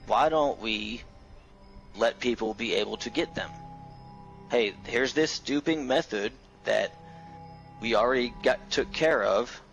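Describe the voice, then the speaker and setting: Gravelly joking man. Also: mid-range voice, a little slow, a bit bright, lo-fi sound, faint music behind. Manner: hesitant, tongue-in-cheek, joking. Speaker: guest with conspiracy theories. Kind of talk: casual gaming chat.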